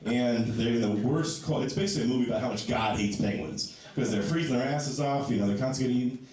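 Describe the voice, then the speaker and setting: A man doing a stand-up comedy set on a club stage, self-mocking and animated, acting out the people he quotes. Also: mid-range voice, fast. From Ohio. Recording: echoey club, distant mic, crowd noise.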